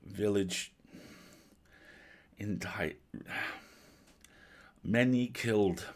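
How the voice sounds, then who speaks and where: A man's voice: on the low side, extremely slow, darkish tone. A man doing a grim elf captain with a heavy accent. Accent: heavy foreign accent, halting. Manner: clipped, broken one-word commands.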